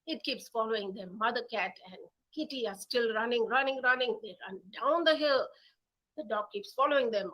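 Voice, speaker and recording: A woman with an Indian English accent telling a children's story in an animated, playful way. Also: on the high side, low-quality recording. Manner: animated, playful voices and sound effects.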